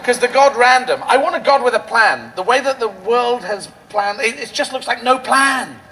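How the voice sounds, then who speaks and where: A man's voice: very high voice, lively intonation, moderate pace, bright, forceful tone, low-quality recording. A male stand-up comedian on an outdoor rally stage, riffing in a rambling, absurdist, playful way into a stage microphone.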